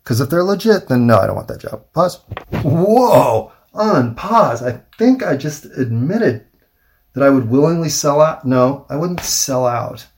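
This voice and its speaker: A man rambling through a wry, self-mocking solo monologue, thinking aloud with pauses. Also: medium pitch, lively intonation, a little mellow. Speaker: vlogger.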